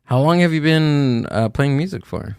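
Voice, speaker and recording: A man's voice: fairly high pitch, lively intonation, normal speed, darkish tone, smooth, dry recording, studio quality. A man hosting a podcast in a laid-back way, asking short questions with hesitant fillers. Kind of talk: casual podcast chat.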